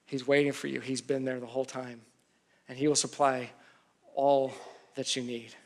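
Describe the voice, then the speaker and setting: A man's voice: mid-range voice, level tone, normal speed. A man, a pastor with a young daughter, preaching a conversational sermon, mixing humor and acted-out quotes into his teaching.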